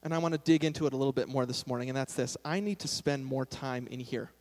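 A man's voice: mid-range voice, fast, darkish tone. Conversational man preaching in a reverberant hall. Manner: conversational, self-deprecating, with sudden emphatic bursts. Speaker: pastor. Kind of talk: sermon.

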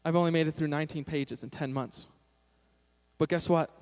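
A man's voice: on the high side, fairly even intonation, brisk. A young man preaching a sermon in a casual, self-deprecating way, with sudden emphatic bursts. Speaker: pastor. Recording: long hall reverb.

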